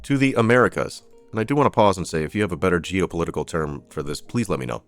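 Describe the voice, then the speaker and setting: A man's voice: sits low, lively intonation, fast, faint music behind. A man hosting a live stream of political news commentary, reading out headlines with sarcastic, profane asides. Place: streaming setup.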